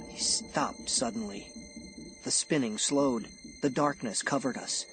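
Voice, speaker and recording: A man giving suspenseful first-person audiobook narration in a slow, expressive delivery, over background music. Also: mid-range voice. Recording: music bed under narration.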